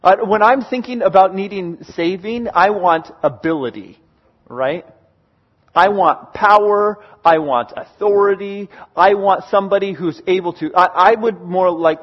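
A man's voice: sits high, unhurried, lo-fi sound. A man preaching a sermon in a conversational, storytelling way, with frequent hesitant fillers. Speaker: pastor.

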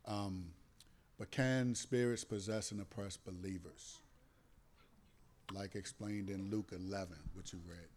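Brief: male interviewer, low and hesitant, light noise behind him. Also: fairly even intonation, measured pace, pauses often, a little mellow. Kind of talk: interview questions.

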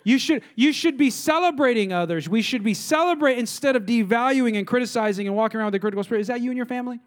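Male pastor, middle-aged, high-pitched, animated sermon delivery with rhetorical questions. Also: rapid-fire. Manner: animated preaching, rhetorical questions, mimicking complainers.

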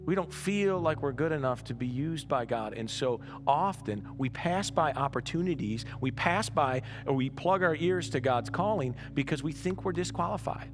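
A man's voice: on the high side, expressive, normal speed, few pauses, over music. A man preaching a conversational sermon as pastor, often restarting words and checking in with "right?".

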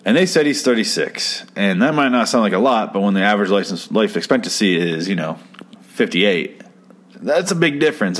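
A man with a fairly low voice talks through an old TV episode in loose, profane commentary. He is sarcastic and rambling, and slips into the characters' lines as he quotes them. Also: fairly bright tone. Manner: sarcastic, rambling, swears freely, acts out quotes. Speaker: podcast host reviewing an old TV episode.

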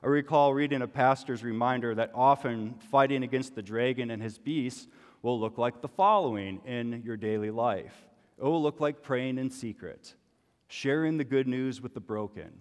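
A man's voice: mid-range voice, moderate pace. A man giving a sermon as a pastor, conversational and full of rhetorical questions. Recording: long hall reverb.

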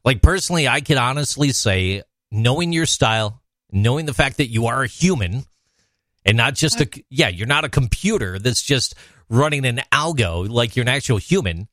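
A man's voice: medium pitch, animated, moderate pace, fairly bright tone, no room sound. A man co-hosting a casual podcast chat, asking probing questions and building long rhetorical ones. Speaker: podcast co-host.

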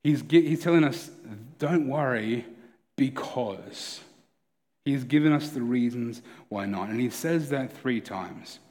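A man's voice: mid-range voice, normal speed, hardly any pauses, mellow, in a large hall. A man preaching a sermon as a pastor, conversational and earnest, often restarting his sentences.

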